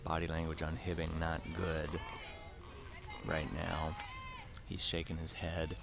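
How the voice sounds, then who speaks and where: A man giving relaxed, chatty play-by-play commentary on a youth baseball game and mixing in side stories. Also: very deep voice, a little slow, vocal fry, loud music behind the voice.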